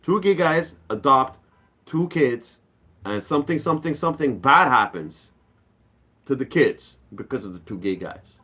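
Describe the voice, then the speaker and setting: A man's voice: mid-range voice, unhurried. A young adult man doing stand-up comedy, ranting with profanity and acting out quoted voices. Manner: animated, profane rants.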